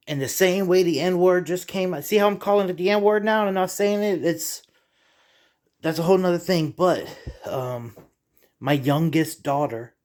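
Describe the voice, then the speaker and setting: A middle-aged man vlogging in a casual, rambling monologue, profane and heated as he digresses. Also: a little high.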